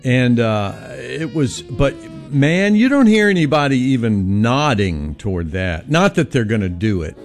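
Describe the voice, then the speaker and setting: A man sits in as a regular on a radio show, talking in a loose, meandering way and losing his thread. His voice sits at a middle pitch but moves a lot. Faint music plays underneath. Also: very animated, unhurried, hardly any pauses. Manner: meandering, chatty, trails off mid-thought. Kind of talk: casual radio banter. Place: radio studio.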